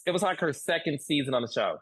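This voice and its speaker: Guy on a podcast getting fired up, lots of emphasis, kinda high voice. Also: quick pace, breathy edge, rough recording. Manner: emphatic, animated, repeats points for stress. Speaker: podcast guest, TV producer. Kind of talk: casual interview chat.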